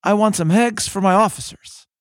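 A man voicing a blunt young male army cook in a raised, higher voice. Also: normal speed, no echo, clean studio sound, lightly acted.

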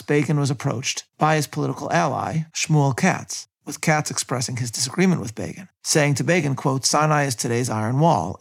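A man giving a history lecture, reading long quotations from books in a measured way. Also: medium pitch, vocal fry, slightly rough. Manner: measured, quotes sources.

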